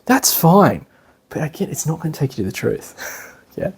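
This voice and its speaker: An Australian man giving a casual lecture, chatty and animated, with many fillers. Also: a little high, normal speed, vocal fry, breathy edge. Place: class in a meeting room.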